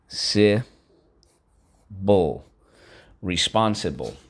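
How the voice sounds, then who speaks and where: Male teacher, slightly low voice, casual drilling of vocabulary and spelling rules. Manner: prompting students to repeat words, syllable by syllable; casual, loose explanations with frequent okays and asides. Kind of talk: classroom vocabulary lesson.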